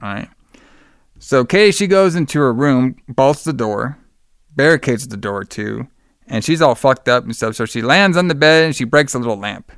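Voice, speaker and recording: A man in easy, rambling conversation, walking through a film's plot scene by scene. His voice is smooth and resonant, recorded close with no room sound. He leans on fillers and bursts higher and louder whenever he quotes a character. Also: lively intonation, moderate pace, no echo. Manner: rambling, lots of fillers, acts out quotes in a raised voice. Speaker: podcast host recapping a movie. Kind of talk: casual chat.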